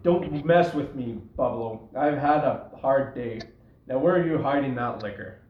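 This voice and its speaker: A man's voice: mid-range voice, normal speed, a little hiss or hum, natural voice. A man reading a blunt, suspicious lawman. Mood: stern. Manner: blunt and demanding. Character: gruff, suspicious male lawman searching for liquor. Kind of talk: play read-through. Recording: roomy, muffled recording.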